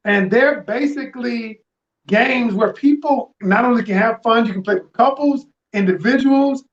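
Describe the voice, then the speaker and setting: A man talking as a guest on a talk show, eagerly pitching the games he created. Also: normal speed. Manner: eager, salesy. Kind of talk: casual interview chat. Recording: echoey, dull lo-fi audio.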